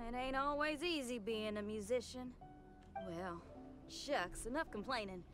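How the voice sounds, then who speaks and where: A man's voice: very high-pitched, slow, over music, voice pushed up. A man voicing a weary, resigned musician character with a folksy drawl, reading game dialogue aloud.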